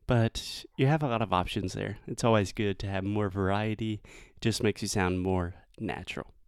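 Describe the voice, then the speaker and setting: A man with a Southern US accent, an English teacher giving pronunciation feedback and slowly modelling the sounds. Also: on the low side, steady tone, clear, resonant tone, no echo, studio quality.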